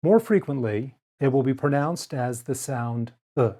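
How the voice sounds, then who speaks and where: A man gives a scripted pronunciation lesson in a mid-pitched voice. He speaks very slowly, pausing over each example word and shaping it precisely. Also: warm tone. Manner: slow, careful, clearly articulated delivery. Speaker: pronunciation teacher. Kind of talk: scripted instructional narration.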